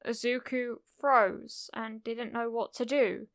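A woman narrating a cozy fan fiction audiobook in a gentle, unhurried storytelling manner. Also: on the high side, steady tone, dry recording, clean studio sound.

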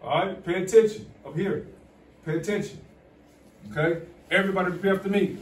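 Heard distantly in an echoey classroom with a faint hum, a man leads students through pronunciation practice. He speaks fairly quickly in a high voice, repeating rules and coaxing them to echo him back.

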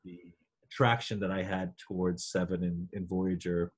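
Husky-voiced man chatting animatedly. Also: deep voice. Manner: animated, laughs often, quick asides. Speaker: actor guest. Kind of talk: casual interview chat.

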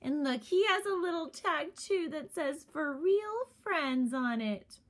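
Slow, gushing high-voiced woman. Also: lively intonation. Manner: gushing, sing-song, giggly. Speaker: toy reviewer. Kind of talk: toy unboxing narration.

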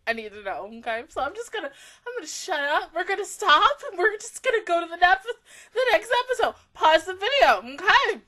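A woman hosting an anime reaction video, talking expressively and swinging between laughing, near-crying and shouting. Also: very high-pitched, big pitch swings, a little fast. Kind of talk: emotional anime reaction commentary.

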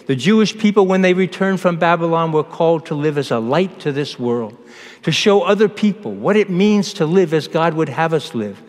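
A man who is a priest, giving a homily in a measured preaching manner with pauses and restarts, recorded in a church. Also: on the high side, expressive. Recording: long church reverb.

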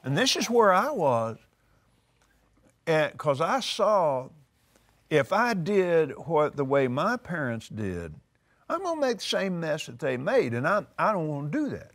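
An older man, teaching on a talk show, emphatic and animated, repeating words for force. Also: on the high side, a little slow. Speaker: preacher. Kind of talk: conversational teaching.

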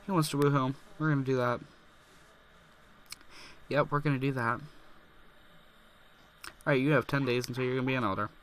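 A young let's play gamer gives excitable, casual commentary, chatty and packed with "like" fillers, his voice sounding a little off. It's medium-pitched and a little fast, with frequent pauses and a faint hiss or hum.

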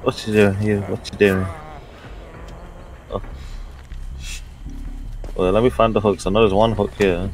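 A man's voice: fairly low pitch, little pitch movement, measured pace, pauses often, faint music behind, low-quality recording. Swearing man narrating his own gameplay. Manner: swears often, talks to himself while playing. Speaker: gamer. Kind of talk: live gameplay commentary.

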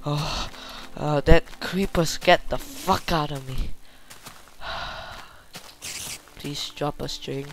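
A young man giving excited, swear-filled live commentary while playing a game, often yelping in panic. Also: a little high, extremely slow, pauses often, a little hiss or hum. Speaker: gamer.

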